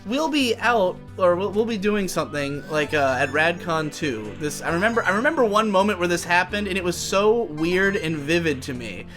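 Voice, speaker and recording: A man's voice: sits high, expressive, normal speed, hardly any pauses, music in the background. A young man co-hosting a podcast, chatting casually while playing a game and thinking aloud with many restarts. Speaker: podcast co-host. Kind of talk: casual chat while gaming.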